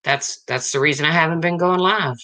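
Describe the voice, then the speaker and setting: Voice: medium pitch, brisk, bright, forceful tone. A person in their fifties hosting a livestream, talking bluntly and answering viewers in the chat in a casual way. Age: 50s. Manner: blunt and frank, repeats points. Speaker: livestream host.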